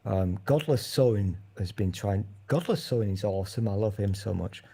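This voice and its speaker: Man with a mellow voice on a call. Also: fairly low pitch, animated, normal speed, vocal fry, husky. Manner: playful, trying out a New York accent. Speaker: video call participant. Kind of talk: casual chat. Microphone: video call.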